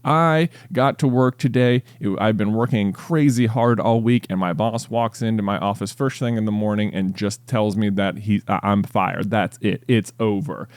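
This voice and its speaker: A man's voice: on the low side, fairly even intonation, normal speed, hardly any pauses, a little mellow, clear, resonant tone, dry recording, natural voice. An exasperated worker recounts his misfortune, incredulous and worked up. His voice is close and dry, as a man acts him out in a joke. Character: fired office worker, exasperated.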